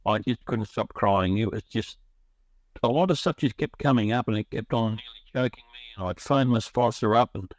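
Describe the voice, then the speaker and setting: A man's voice: lowish voice, normal speed. A middle-aged man telling his recovery story in a rambling, emotional way, often restarting his sentences. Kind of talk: personal storytelling.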